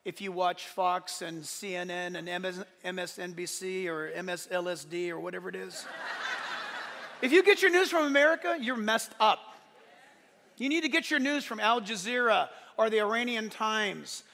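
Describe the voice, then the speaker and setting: A pastor preaching a sermon, emphatic and joking, often building to shouts. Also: male voice, high-pitched, steady tone, moderate pace, vocal fry, big-room sound.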